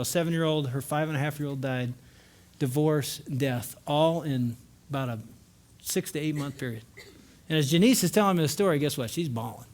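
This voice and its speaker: Earnest older man telling a family story. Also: on the high side. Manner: swings from lively and loud to hushed and slow for emotional moments; earnest, with wry asides to the crowd. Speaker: marriage conference speaker. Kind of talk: personal storytelling talk to a live audience.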